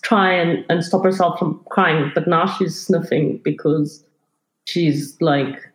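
A woman's voice: lowish voice, steady tone, takes it slowly. A woman, a player who chattily describes her character's actions in a tabletop game. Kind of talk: casual tabletop play. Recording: roomy echo.

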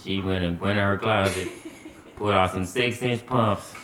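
A man's voice: low voice, steady tone, normal speed, fairly bright tone, a little hiss or hum. A male podcast host in casual chat, telling stories with frequent laughter and profane street slang.

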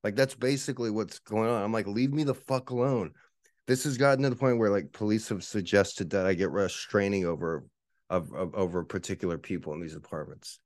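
A man with a very low, deep voice hosts a solo podcast from his apartment, talking nonstop in a profane, ranting way. The sound is dry and close, with no room echo at all. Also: fairly even intonation, fairly quick. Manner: ranting, profane, mocking the neighbors in shrill voices. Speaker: podcast host. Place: one-bedroom apartment.

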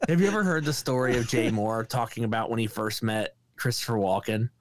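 A man's voice: medium pitch, fairly quick, no echo. A man co-hosting a podcast, chatting casually and telling stories with laughs and swearing. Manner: storytelling, swearing, laughing often. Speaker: podcast co-host. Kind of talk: casual chat.

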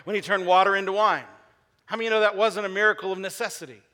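A man preaches to his congregation in a high, bright voice, often asking questions and waiting for answers. He drives points home by repeating short phrases several times. His voice rings with the long reverb of a large church hall. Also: fairly even intonation, very fast. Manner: repeats key phrases for emphasis. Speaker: pastor. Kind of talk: sermon. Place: church sanctuary.

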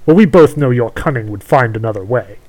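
A man's voice: mid-range voice, expressive, a little fast, a little mellow, natural voice, rough recording. A man voicing a cruel, scheming female witch who gloats over her bargain, in a storybook reading.

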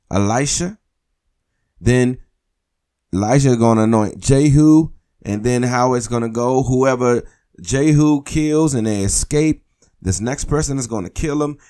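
A man's voice: mid-range voice, warm tone. A man preaching a sermon, urging his listeners on and repeating phrases for emphasis.

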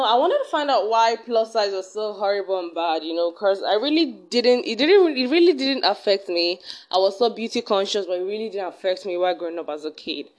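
A young adult woman hosting her own vlog, talking in a chatty, earnest way and often restarting her sentences. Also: medium pitch. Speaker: vlog host. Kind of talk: casual self-talk vlog.

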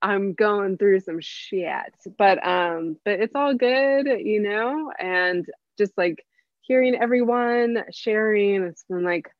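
A woman's voice: medium pitch, slow pace, dry recording, lo-fi sound. A woman chef from San Diego, guesting on a casual talk, speaking candidly with a rambling, laughing delivery. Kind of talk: casual conversational interview.

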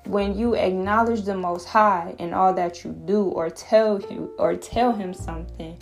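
A woman's voice: medium pitch, steady tone, a little slow, creaky, soft background music. A woman giving a casual devotional talk, earnest and rambling, restarting her sentences as she shares a personal testimony. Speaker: faith vlogger sharing a personal testimony.

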